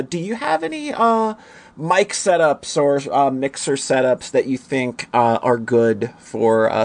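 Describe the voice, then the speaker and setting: A man's voice: mid-range voice, a little mellow. Easygoing man hosting a podcast. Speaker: podcast host. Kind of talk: casual podcast chat.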